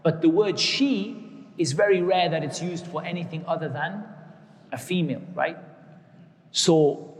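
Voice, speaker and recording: In what sounds like a spacious, echoing hall, a man with a high voice explains religious teachings. He slowly repeats key words for emphasis and weaves Arabic terms into his English.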